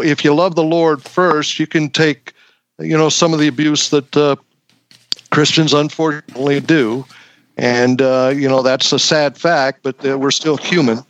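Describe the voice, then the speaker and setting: A man on a Christian podcast talking earnestly about worship, in a halting way full of fillers and restarts. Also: a little high, no room sound, lo-fi sound. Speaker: co-host. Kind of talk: earnest faith talk.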